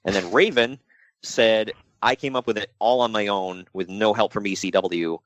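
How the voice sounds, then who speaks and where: Here a podcast co-host with a fairly low voice speaks at normal speed, with no room sound audible. He keeps things jokey and animated on a casual wrestling show, often putting on mock voices.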